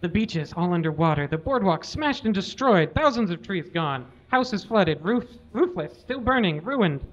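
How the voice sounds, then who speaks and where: A man's voice: high-pitched, very animated, unhurried, hardly any pauses. A man doing a live comic story reading, mock-tender and sprinkled with swearing, on a slightly muffled live recording. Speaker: reader. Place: live show venue.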